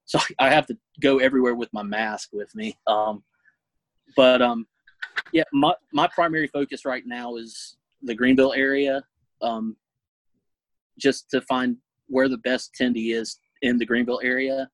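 A young man being interviewed about his food reviews, speaking earnestly and haltingly, with lots of fillers. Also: mid-range voice, fairly even intonation, dry recording, low-quality recording. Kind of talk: casual interview.

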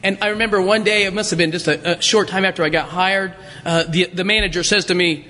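A man's voice: high-pitched, fairly even intonation, fast talker, few pauses, sharp tone. A man telling a story to an audience in a conversational way, with frequent restarts, recorded in an echoey hall. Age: adult, worked a job at seventeen years ago. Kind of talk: storytelling illustration in a talk.

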